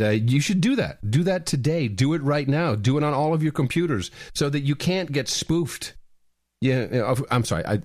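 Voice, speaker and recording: A man co-hosting a talk podcast in casual chat, emphatic and animated, often repeating words as he gets going. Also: on the low side, no echo, studio quality. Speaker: podcast co-host.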